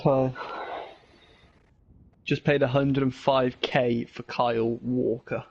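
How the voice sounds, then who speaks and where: Husky man on a muffled mic. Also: little pitch movement, takes it slowly, a little mellow. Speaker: racer. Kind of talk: casual gaming chat. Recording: muffled low-fidelity mic.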